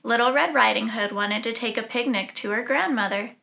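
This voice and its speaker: A woman reading a children's storybook aloud in an animated, expressive way. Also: a little high, a little fast, gravelly. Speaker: storybook reader.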